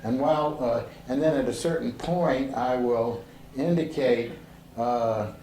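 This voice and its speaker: Male Sufi teacher, slow and searching, full of ums and restarts; recorded in an echoey room with faint street noise. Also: mid-range voice, warm tone. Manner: slow and halting, with many fillers and restarts. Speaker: Sufi teacher leading a group practice. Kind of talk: relaxed spoken instruction to a seated group. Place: indoor room with a door to the street.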